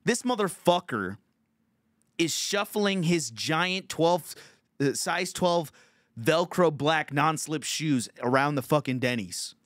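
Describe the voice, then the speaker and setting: A man's voice: on the high side, lively intonation, takes it slowly, fairly bright tone, dry recording, studio quality. A man hosting a podcast, telling a story in a casual, profane, laughing way. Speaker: podcast host.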